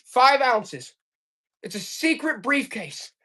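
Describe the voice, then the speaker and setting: A woman selling items on a live stream auction in fast, joking, hyped-up sales patter, coughing now and then. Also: on the high side, big pitch swings, pushed and bright. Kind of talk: casual live selling banter.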